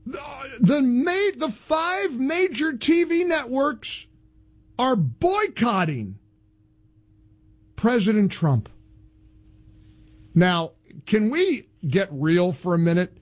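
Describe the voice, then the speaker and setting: A man's voice: extremely high pitch, slow, long pauses. A man hosting a talk radio show, delivering an opinionated monologue in a sarcastic, mocking tone. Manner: animated, exclamatory.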